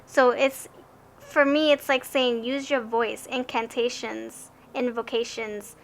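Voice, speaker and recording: A woman's voice: on the high side, fairly even intonation, slow, gravelly, a little hiss or hum. A young woman giving a casual tarot card reading, chatty and rambling, who often stammers and restarts her sentences.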